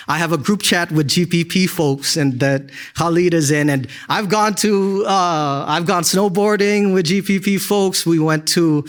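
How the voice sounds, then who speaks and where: A man's voice: on the high side, fairly bright tone. A young man giving an earnest, emotional graduation speech as an alumni speaker, often tagging lines with "right?".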